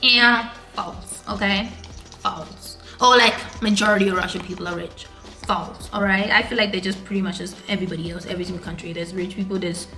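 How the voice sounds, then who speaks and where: A woman's voice: on the low side, fairly bright tone. A young woman, chatting casually in a vlog and rambling with lots of filler words. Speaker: vlogger.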